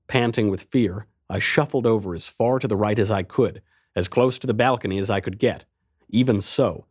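A man's voice: fairly low pitch, a little mellow, dry recording, clean studio sound. A man narrating a first-person adventure story in a tense, driving way.

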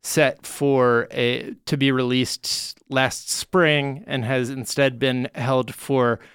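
A man hosting a casual comedic podcast chat, explaining at length with filler pauses. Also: mid-range voice, level tone, a bit bright, clear, resonant tone, no room sound, clean studio sound. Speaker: podcast host.

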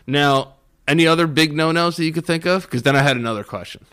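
A young man co-hosting a podcast, teasing his friend with deadpan one-liners in casual chat. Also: on the high side, quick pace, smooth. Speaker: podcast co-host.

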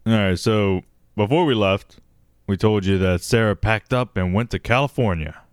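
Low-voiced swearing co-host telling a story, dry close mic. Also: male voice, moderate pace, clean tone, dry recording. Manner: profane, laughs often, says dude. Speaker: podcast co-host. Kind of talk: casual chat storytelling.

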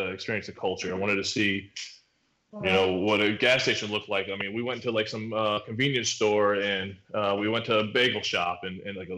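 A man's voice: lowish voice, pushed and bright. A man in his thirties, a podcast guest, talking in a laid-back, rambling way with lots of fillers. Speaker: podcast guest, pro baseball pitcher. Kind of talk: casual chat. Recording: roomy echo.

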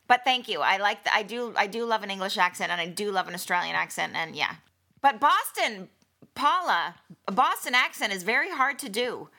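A woman's voice: medium pitch, expressive, brisk, vocal fry, bright, forceful tone. A woman on a podcast as a guest, candid and self-deprecating about her acting. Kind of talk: comic banter.

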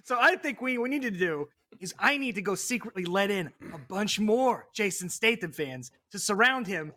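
A man playing a tabletop role-playing game, pitching plans with emphatic enthusiasm. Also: lively intonation, normal speed, bright, forceful tone. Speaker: player. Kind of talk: casual game chat.

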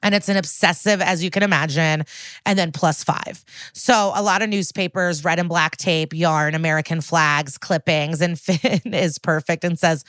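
A woman's voice: on the low side, fairly even intonation, moderate pace, fairly bright tone, dry recording. A young woman co-hosting a podcast, casually recapping a TV episode, storytelling with quoted lines, laughs and swearing. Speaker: podcast co-host.

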